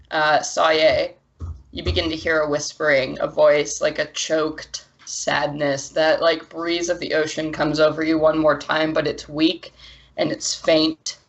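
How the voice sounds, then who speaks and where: A woman narrating as game master of a tabletop game, descriptive and unhurried with fillers. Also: low voice, flat delivery, fairly bright tone. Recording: dull lo-fi audio.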